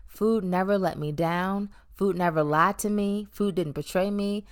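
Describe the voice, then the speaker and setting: A woman's voice: medium pitch, unhurried. A woman in her thirties telling her own story in a candid, reflective way, with playful emphasis and frequent ums. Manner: reflective and conversational, with playful emphasis and many um fillers. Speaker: vlogger sharing her weight-loss story. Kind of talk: candid personal monologue.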